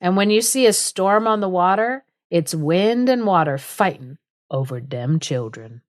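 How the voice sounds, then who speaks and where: A woman co-hosting a podcast, chatting casually as she retells a folk tale, animated and full of quick asides. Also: lowish voice, dry recording, studio quality. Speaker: podcast co-host.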